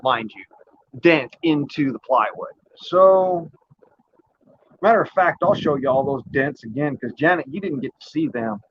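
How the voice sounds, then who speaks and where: A man's voice: on the high side, a little hiss or hum. A man chatting casually in a rambling, folksy way, with an occasional swear. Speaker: vlogger. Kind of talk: casual chat while showing an air gun. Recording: slightly muffled lo-fi audio.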